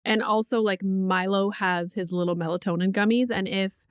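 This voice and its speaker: A woman's voice: mid-range voice, fairly even intonation, normal speed, smooth, no echo, studio quality. A woman hosting a podcast in casual chat, telling a parenting story candidly, swearing freely and saying "like" often. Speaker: podcast host; mother of a young child.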